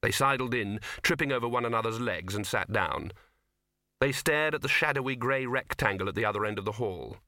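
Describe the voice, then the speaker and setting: A man's voice: mid-range voice, brisk, bright, forceful tone, dry recording. A man reading a comic fantasy novel aloud in a dry, wry manner. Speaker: audiobook narrator. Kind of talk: scripted narration. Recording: dry close studio recording.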